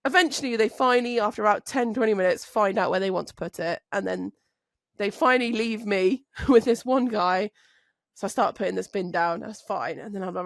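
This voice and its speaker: A woman's voice: medium pitch, a little fast, vocal fry, no room sound, clean studio sound. A British woman co-hosting a podcast, telling a work story animatedly, laughing often and acting out other people's lines. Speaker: podcast co-host, truck driver.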